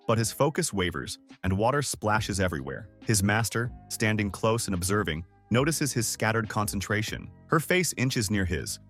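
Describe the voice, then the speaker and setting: A man narrating a manga recap in scripted, expressive storytelling style. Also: lowish voice.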